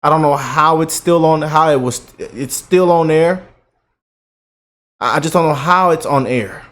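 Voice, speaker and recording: A man giving an animated, mocking reaction commentary for his video channel, repeating himself for emphasis. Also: a little high, unhurried. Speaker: YouTube commentator.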